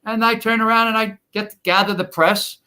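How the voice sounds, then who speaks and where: An older man tells stories from his years on the job in a loose, rambling way. His voice sits a bit high and comes across bright and forceful. He keeps stopping to restart his sentences and fills the gaps with "uh" and "you know.". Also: fairly even intonation, moderate pace. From New York. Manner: rambling, folksy, many fillers and restarts. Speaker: guest, retired firefighter. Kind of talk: casual storytelling interview.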